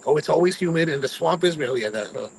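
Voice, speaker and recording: A man's voice: a little high, animated, quick pace, creaky, a little mellow, slight background noise, low-quality recording. A man hosting a cigar review, chatting casually to live viewers and rambling through personal stories. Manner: rambling storyteller, mimics his own grumbling.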